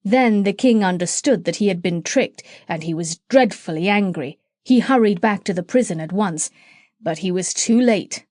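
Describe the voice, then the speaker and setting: A woman's voice: medium pitch, normal speed, darkish tone, no room sound, studio quality. A woman narrating a children's classic audiobook, reading aloud and switching between character voices. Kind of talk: storybook narration.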